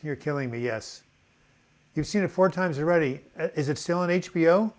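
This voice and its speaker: A man's voice: fairly high pitch, moderate pace. An older man hosting a casual live video chat, reading out viewer comments in a loose, rambling way with many fillers.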